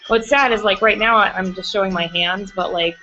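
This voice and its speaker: A woman's voice: medium pitch, fairly even intonation, fairly quick, bright, forceful tone, a little hiss or hum. A woman live-streaming from her home studio, chatting casually and gushing as she answers viewers while she works. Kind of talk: casual chat while working. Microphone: computer mic on a livestream. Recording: muffled lo-fi stream audio, faint music.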